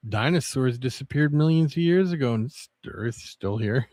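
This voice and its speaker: A man livestreaming, chatting casually with viewers in a rambling, halting way with many restarts. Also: medium pitch, lively intonation, darkish tone, dry recording.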